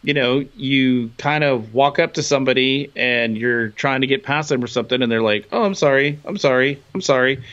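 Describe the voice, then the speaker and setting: A man's voice: medium pitch, fairly bright tone. Blunt male co-host, dull lo-fi audio. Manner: blunt, earnest, with casual swearing. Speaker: podcast co-host. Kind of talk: casual chat. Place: his home.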